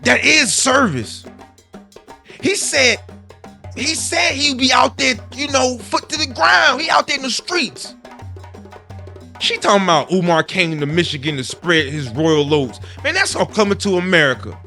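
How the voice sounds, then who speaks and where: Brief: a man doing an indignant male zealot, bright and high, swinging wildly up and down. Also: lively intonation, unhurried, vocal fry, soft background music, heavily acted. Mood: preachy. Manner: preachy sing-song rants with sudden shouted bursts. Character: zealous male conspiracy-minded defender, preachy and indignant. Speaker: comedic character.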